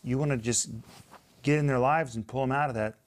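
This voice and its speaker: A man co-hosting a Bible talk, chatting in a relaxed, warm way with fillers and restarts. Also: medium pitch, a little fast. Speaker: co-host. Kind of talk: casual conversation.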